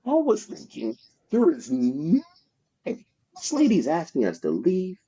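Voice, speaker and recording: A man with a fairly high, wildly swooping voice talks slowly, his tone warm and slightly rough. As a podcast guest, he rambles casually and profanely through filler-heavy anecdotes about his sales jobs, heard through dull, lo-fi audio.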